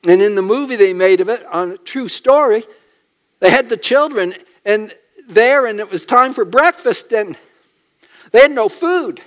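High-voiced man preaching a sermon. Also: expressive, moderate pace. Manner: emphatic, with rhetorical questions to the listeners.

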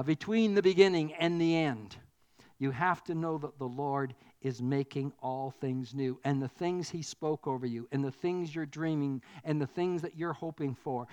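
An earnest preacher with a mid-pitched voice delivers a sermon. The delivery builds to emphatic, repeated declarations. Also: darkish tone.

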